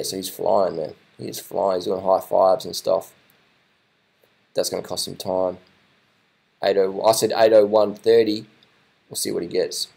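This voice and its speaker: Excitable man, lowish voice. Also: gravelly, breathy edge, low-quality recording. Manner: excitable, repetitive, swears casually. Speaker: video commentator. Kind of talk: casual live reaction commentary.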